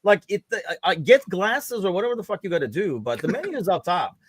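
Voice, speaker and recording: A man's voice: high-pitched, big pitch swings, a little fast, slightly rough, no echo. A man co-hosting a podcast, ranting about pet peeves with lots of filler words. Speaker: podcast co-host. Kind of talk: casual chat.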